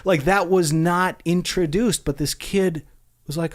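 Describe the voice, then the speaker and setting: A man's voice: high-pitched, a little slow. Brief: male podcast host, amused, casual storyteller. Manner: animated, amused, acts out quotes.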